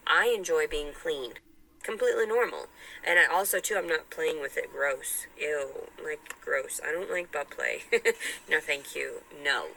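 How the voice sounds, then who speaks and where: Bright-voiced rambling woman vlogger. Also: low-pitched, gravelly, rough recording. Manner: rambling and self-important. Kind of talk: casual vlog monologue.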